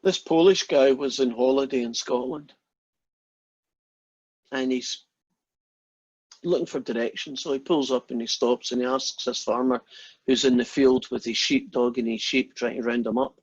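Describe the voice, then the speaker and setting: Speaking at a moderate pace and medium pitch with long pauses, a male lecturer holds a relaxed online class by video call. He rambles, jokes between explanations, and answers questions, his husky voice muffled by dull, lo-fi sound.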